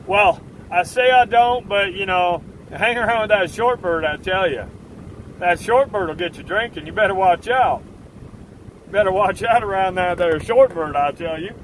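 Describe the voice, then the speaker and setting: A man's voice: sits high, moderate pace, a little hiss or hum. A man hosting a live stream, talking casually to his chat in assertive, fired-up rants. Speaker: livestream host.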